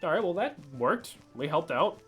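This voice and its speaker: A streamer playing through a role-playing game with a friend, talking casually and swearing freely. Often breaks into laughter and reads the dialogue boxes aloud. Game music plays clearly underneath. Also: medium pitch, sing-song, moderate pace. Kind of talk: casual let's-play banter.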